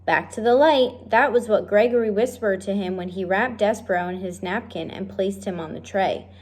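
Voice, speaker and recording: A woman reading a children's novel aloud, speaking directly and warmly to her listeners. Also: medium pitch, moderate pace. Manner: friendly, direct address to listeners. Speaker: reader of a children's book. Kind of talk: read-aloud storytelling.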